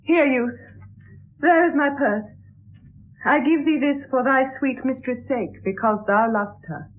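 A woman's voice: high voice, unhurried. An actress playing a proud yet compassionate young noble lady, speaking verse with dignity and firmness in an old radio play. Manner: dignified, firm, stately delivery. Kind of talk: 1960s radio drama verse acting. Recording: tinny lo-fi 1960s radio broadcast.

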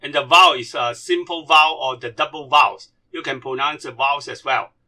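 A man whose first language is Cantonese, teaching a slide-based lesson in non-native English and slowly drilling syllables one by one. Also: on the high side, sharp tone.

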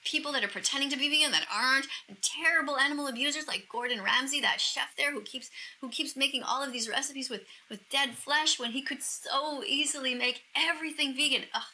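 High bright gushing middle-aged woman. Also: brisk, rough recording. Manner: emotional, gushing, drops into breathy whispers. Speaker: vegan activist vlogger. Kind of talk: reacting to a video while talking to the camera.

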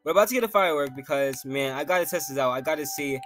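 A man's voice: a little high, very fast, fairly bright tone, soft background music. A young man hosting a gaming channel, talking through gameplay in a rambling, heartfelt way with many fillers. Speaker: gaming YouTuber. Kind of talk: casual gameplay commentary.

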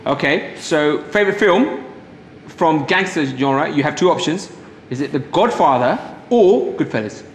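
A man's voice: a little high, a little slow, slight background noise. A British man co-hosting a talk show, cracking jokes and bantering with guests. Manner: jokey, animated banter. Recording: roomy studio with long reverb.

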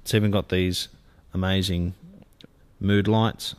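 Enthusiastic car dealer, lowish voice. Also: male voice, steady tone, measured pace, slight background noise. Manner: enthusiastic, gushing sales talk. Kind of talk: car sales walkaround.

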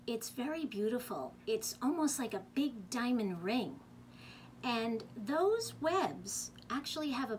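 A woman librarian leading a children's storytime, reading a picture book aloud gently and expressively, then showing a craft. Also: a little high, a little hiss or hum. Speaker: youth services librarian.

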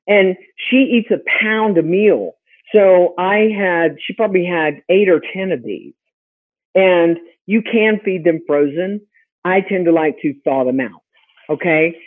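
Husky-voiced woman teaching a chatty webinar. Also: mid-range voice. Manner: lively, chatty, fires rhetorical questions. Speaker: host and pet health consultant. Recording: tinny phone-like audio.

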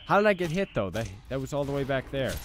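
A man's voice: mid-range voice, very animated, fast, a little hiss or hum. Cursing, frustrated young man gaming. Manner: frustrated, swearing, repeating himself. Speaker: gaming channel host. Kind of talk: let's play commentary.

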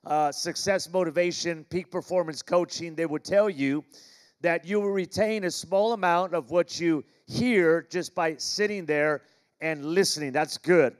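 Jokey American pastor preaching. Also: male voice, fairly high pitch, unhurried. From Los Angeles, California. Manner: jokey, calls for audience responses. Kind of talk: sermon. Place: large church auditorium.

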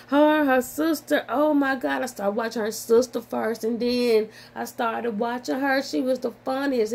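An older woman who is a grandmother, talking casually to her vlog audience from home at her computer, animated and swearing as she scolds herself with laughs. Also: sits high, gravelly. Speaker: YouTuber. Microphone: phone or computer mic.

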